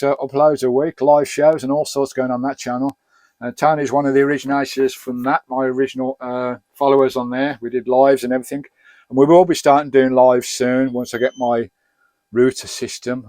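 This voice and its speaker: A man's voice: mid-range voice, a little mellow, no room sound. Chatty, rambling English vlogger man. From Birmingham, England. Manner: rambling and chatty, with a jokey, matey tone. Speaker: vlogger answering viewer questions. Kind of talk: casual chat.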